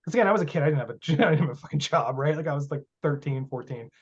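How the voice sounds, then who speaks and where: A man speaking a little high for his sex, talking bluntly and swearing freely as he tells stories with heavy emphasis. His voice comes through muffled and lo-fi, as on a casual podcast interview. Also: lively intonation, very fast, breathy edge. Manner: blunt, profane, emphatic storytelling. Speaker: guest, magic teacher. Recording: muffled lo-fi audio.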